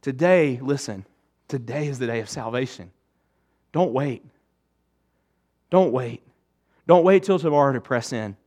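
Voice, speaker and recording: A male pastor preaching a sermon to his church, emphatic, swinging between raised urgency and hushed intensity. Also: medium pitch, lively intonation, measured pace, pauses often.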